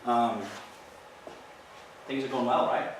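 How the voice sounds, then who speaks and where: A man's voice: medium pitch, fairly even intonation, slow. A man, a police officer, gives an earnest, explanatory training talk in a plain mid-range voice. He sounds set back from the microphone, and a big echo fills the room around him. A faint hiss sits underneath. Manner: earnest, explanatory, tells field stories. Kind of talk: presentation to an audience. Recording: echoey hall, mic from far off.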